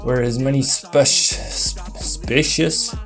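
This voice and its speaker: A man hosting a comedy show, reading a web page aloud with sarcastic commentary and sudden high, excited outbursts. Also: takes it slowly, soft background music. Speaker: host.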